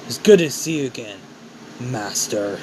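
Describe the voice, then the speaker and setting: A man's voice: mid-range voice, animated, measured pace, background noise, close to an everyday voice. A man voicing a hot-tempered teenage boy hero who swears bluntly. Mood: angry.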